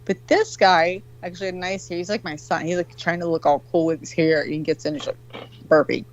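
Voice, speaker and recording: A woman's voice: on the low side, brisk. Foul-mouthed woman on a muffled call. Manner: profane, rambling, animated storyteller. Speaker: guest caller. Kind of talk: casual storytelling on a livestream. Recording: dull, dry call audio.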